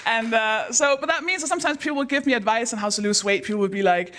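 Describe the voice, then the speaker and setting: A woman hosting a live comedy night on stage, telling self-deprecating stories in a deadpan way. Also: a little high, fast, few pauses, a little hiss or hum. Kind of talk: stand-up comedy.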